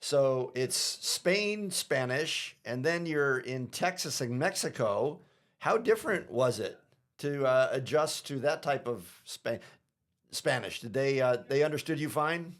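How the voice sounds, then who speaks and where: A man from Boston hosting a casual interview over a video call, telling stories in a lively, chatty way. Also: mid-range voice, measured pace. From Boston, USA. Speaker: interview host.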